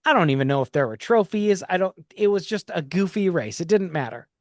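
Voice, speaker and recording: A high-pitched man with lively intonation talks briskly as he hosts a podcast, recorded with clean studio sound and no room noise. He tells reflective stories casually, often breaking off to restart his sentences.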